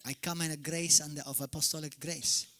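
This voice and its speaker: A man from Malta preaching a fiery sermon as pastor, swinging from shouted peaks to sudden quiet drops. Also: on the high side, flat delivery, normal speed. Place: church hall.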